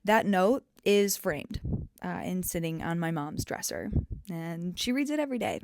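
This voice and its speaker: A woman in her twenties telling a family story to camera in an animated, gossipy way with playful swearing. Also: on the low side, moderate pace, no echo, clean studio sound. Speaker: vlogger.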